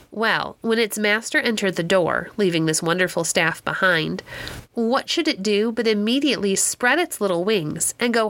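Woman reading a classic children's story. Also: mid-range voice. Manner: measured, expressive storytelling. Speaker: storybook reader.

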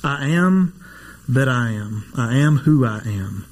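God talking to moses, low slow and solemn, a guy reading him out. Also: lively intonation.

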